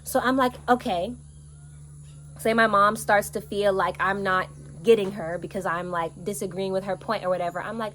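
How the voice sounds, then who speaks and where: A woman coaching on inner child healing, talking to camera outdoors in an earnest, animated way with lively quoted asides. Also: mid-range voice, fairly quick, a little hiss or hum. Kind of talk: casual teaching monologue. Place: outdoors in nature with birds and bugs.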